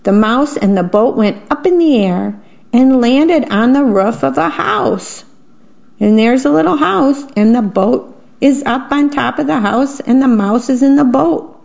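A woman volunteer broadcaster reading children's bedtime stories aloud, gently, stopping to describe the pictures. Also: high voice, lively intonation, unhurried, gravelly. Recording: dull lo-fi radio broadcast.

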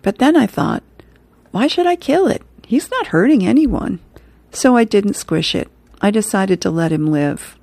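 A woman's voice: mid-range voice, animated, a little slow, creaky, a little mellow, no room sound, voice pushed up. A woman reading aloud the lines of a little boy talking to his grandfather. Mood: earnest. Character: little boy, a grandson, earnest then gleeful.

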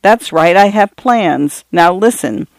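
A reader voicing a tender, playful father in an audiobook, speaking gently. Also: mid-range voice, animated, takes it slowly, gravelly, no room sound. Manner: gentle, teasing. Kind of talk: audiobook character voice.

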